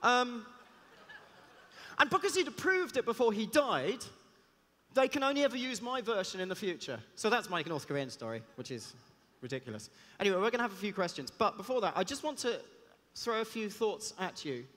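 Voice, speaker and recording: A man, a cellist giving a lively talk on stage, chatty and joking in asides. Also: sits high, fairly quick. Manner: chatty, self-deprecating, jokey asides. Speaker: conference speaker and cellist. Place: large hall on stage. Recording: long reverb of a big hall.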